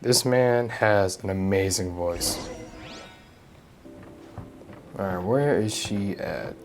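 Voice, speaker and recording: A man's voice: on the low side, measured pace, faint music behind. A man commenting casually on a video game playthrough, joking and using slang. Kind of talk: casual let's-play reactions.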